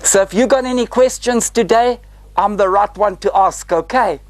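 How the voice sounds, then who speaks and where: A South African man in his sixties, a retired flight attendant guiding a group through a parked airliner in a lively, theatrical way, tagging his lines with "eh?". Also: high-pitched, moderate pace, no room sound, poor audio. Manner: lively, theatrical, tag questions like "eh?". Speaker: tour guide. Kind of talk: guided tour talk to a group. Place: inside a parked airliner cabin.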